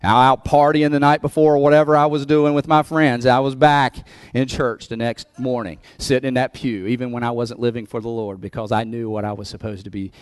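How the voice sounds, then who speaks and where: A man's voice: medium pitch, little pitch movement, a little fast, hardly any pauses, smooth, no room sound. A man preaching as pastor of his church, talking conversationally and laughing between points, building to emphatic peaks. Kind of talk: sermon.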